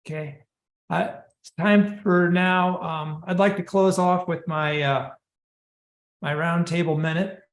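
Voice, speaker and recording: A man's voice: on the high side, fairly even intonation, slow, reverberant. A man hosting a roundtable webinar, speaking in a friendly, hesitant way with many fillers. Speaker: roundtable host.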